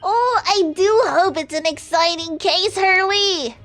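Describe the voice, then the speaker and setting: Brief: woman voicing a sweet, fretful girl sidekick, high and bright. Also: slow pace, soft background music, heavily acted. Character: chirpy earnest young girl assistant.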